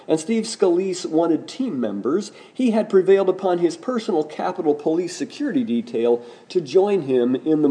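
Man preaching with a very dark tone. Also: a little high. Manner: emphatic preaching with rising, pointed questions. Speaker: pastor. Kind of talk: sermon.

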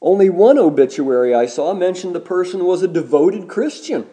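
A man preaching a sermon as a pastor, measured and deliberate, slowing down to stress key words. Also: sits high, expressive, warm tone.

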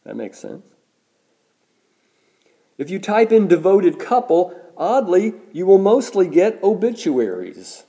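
A male pastor delivering a sermon with a mellow, warm tone. His pitch sits a little high and moves a lot, rising and falling as he makes his points. He preaches in a measured way and slows right down on the words he wants to land. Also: sing-song.

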